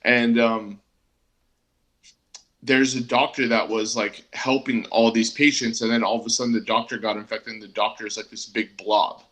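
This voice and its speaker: A man's voice: fairly low pitch, steady tone, normal speed, a bit bright. A man co-hosting a casual comic book review chat, easygoing and hesitant, with many ums and restarts.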